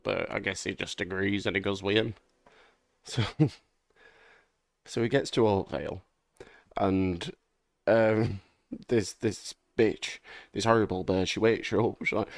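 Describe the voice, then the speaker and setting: A man's voice: lowish voice, steady tone, measured pace, vocal fry, pauses often, dry recording. A young man in a casual, rambling gaming chat, swearing freely and laughing often. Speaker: gaming vlogger.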